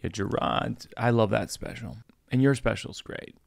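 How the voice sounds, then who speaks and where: Middle-aged host guy, dry and low-key, gravelly voice. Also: normal speed. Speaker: podcast host, comedian. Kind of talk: casual chat between friends.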